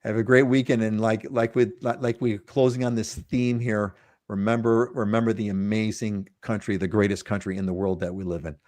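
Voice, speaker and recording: An enthusiastic male host with a fairly low voice, chatting on a live real estate show. He often restarts his sentences and repeats words. The recording is dry and close, with no room sound. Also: steady tone, fairly quick, a little mellow, no echo.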